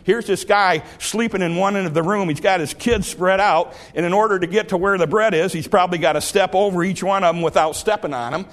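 A male pastor delivers a sermon in a lively storytelling manner. His voice sits a little high, and he hammers points home through repetition. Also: a little fast, few pauses. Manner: animated storytelling, repetitive emphasis.

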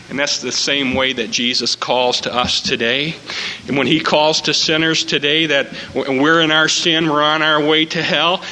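A man preaching a sermon, dropping to hushed tones and then shouting loudly. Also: fairly high pitch. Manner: swings from hushed tones to loud shouted quotes. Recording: reverberant hall, faint room noise.

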